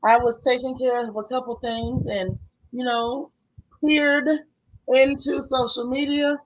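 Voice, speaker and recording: A woman hosting a casual gossip livestream from home, greeting viewers by name with slang like sis and boo. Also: on the high side. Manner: chatty, warm Southern slang, calls viewers sis and boo.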